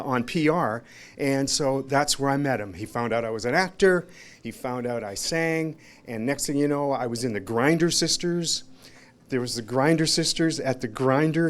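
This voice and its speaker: A man giving an informal memorial tribute at a restaurant gathering, rambling through anecdotes, acting out other people's lines, emotional and laughing between lines. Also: medium pitch. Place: restaurant, gathering of friends and family.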